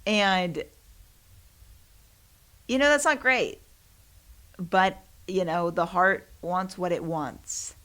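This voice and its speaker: Speaking very slowly with frequent pauses, a young woman with a fairly low, pushed, bright voice hosts her own podcast. She chats alone in a rambling, casual way, running herself down and laughing often.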